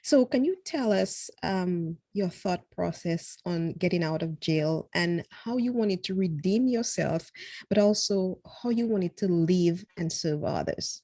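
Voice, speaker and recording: A woman host with a mellow, dark voice asks her questions effusively and emotionally. The sound is dry and close, with no room echo. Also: fairly low pitch, lively intonation, measured pace. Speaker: interview host. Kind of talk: interview conversation.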